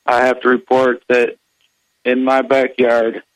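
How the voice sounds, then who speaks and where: A man calling a radio show with deadpan sarcasm, slow and hesitant. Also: medium pitch, no echo, low-quality recording. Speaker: caller. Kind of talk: sarcastic phone-in call.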